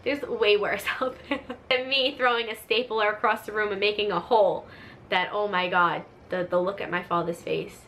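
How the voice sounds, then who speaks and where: A woman hosting her own storytime vlog, chatty and animated, full of filler words. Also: medium pitch, moderate pace, slight background noise. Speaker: vlogger, channel host. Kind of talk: casual storytime monologue.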